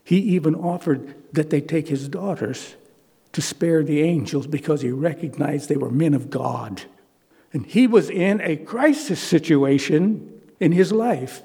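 A man's voice: a little high, unhurried, mellow, husky. A man preaching a sermon to a congregation in earnest, conversational tones, asking the listeners rhetorical questions. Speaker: pastor. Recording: long hall reverb.

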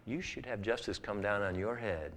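A man acting out a stern but loving father lecturing his son, in firm, measured tones. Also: on the low side, a bit bright, in a large hall.

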